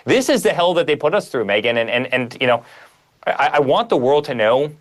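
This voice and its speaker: A man's voice: mid-range voice, animated, brisk. A man speaking as a guest author in a conversational interview, emphatic and piling up repeated phrases.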